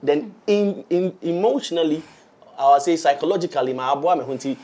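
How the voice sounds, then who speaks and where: A man's voice: fairly high pitch, fairly quick, dark tone. A man with a Ghanaian accent talking on a podcast panel, mixing English and Twi in a rambling way. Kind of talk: casual panel discussion.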